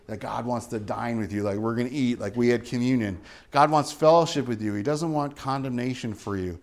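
A man preaching a sermon as pastor, earnest and emphatic, moving into a quiet closing prayer. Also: mid-range voice, brisk. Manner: earnest, rising to emphatic then hushed in prayer.

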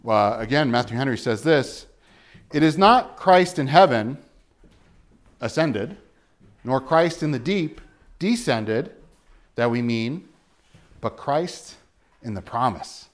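A man delivers an earnest sermon in a voice pitched a little high. He quotes scripture and throws out rhetorical questions. He jumps from emphatic bursts to low, quiet asides. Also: very animated, measured pace, pauses often. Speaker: pastor.

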